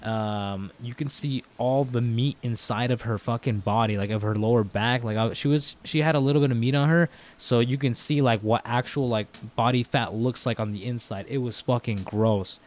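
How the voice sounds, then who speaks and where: A man's voice: mid-range voice, moderate pace, hardly any pauses. A young man, a podcast guest, telling a story in casual talk, swearing a lot and acting out what people said. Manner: animated, heavy swearing, acts out quoted dialogue.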